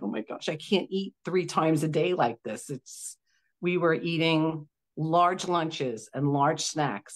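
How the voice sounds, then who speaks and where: This is a middle-aged woman with a low, grounded voice, sharing her own story as a client guest. She talks with real enthusiasm and often acts out what others said to her in little put-on voices. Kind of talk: candid testimonial chat.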